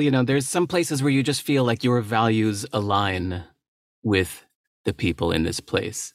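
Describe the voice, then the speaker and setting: A man's voice: medium pitch, no echo, clean studio sound. A middle-aged man, a writer and entrepreneur, talking candidly and thoughtfully as a guest on a podcast. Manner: thoughtful, candid, with small laughs and restarts. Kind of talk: reflective interview talk.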